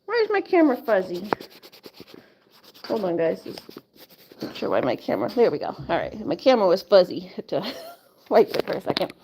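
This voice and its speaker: Her mid-range voice is sing-song and warm, brisk yet broken by long pauses, with a faint hiss or hum. This woman hosts a casual home live stream on a phone or webcam, rambling with viewers, saying "like" constantly, laughing, and cooing to pets.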